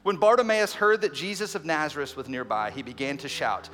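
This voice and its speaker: A man preaching an Easter sermon as a pastor, energetic and conversational, with quick asides and acted-out quotes. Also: on the high side. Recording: long reverb in a large hall with faint music.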